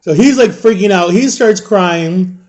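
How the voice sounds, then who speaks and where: A man in his thirties telling a personal story in a casual vlog, animated and acting out the people in it. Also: high-pitched, unhurried, lo-fi sound. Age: 30s. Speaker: storytime vlogger.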